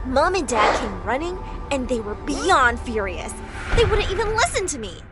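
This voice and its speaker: A young woman narrating an animated drama story in first person, switching into voices for each character. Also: high-pitched, moderate pace, dry recording, soft background music. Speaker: narrator voicing all characters.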